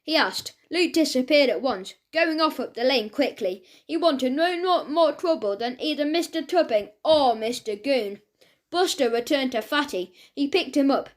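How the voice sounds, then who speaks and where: A woman's voice: sits high, lively intonation, normal speed. A woman narrating a children's audiobook, reading aloud and voicing each character's lines.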